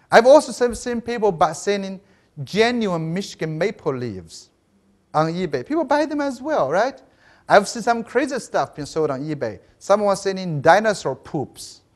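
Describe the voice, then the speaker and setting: Lively high-voiced man giving a lecture. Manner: lively storytelling, asks the audience "right?", frequent restarts. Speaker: education professor giving a keynote. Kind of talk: conference lecture. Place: conference hall.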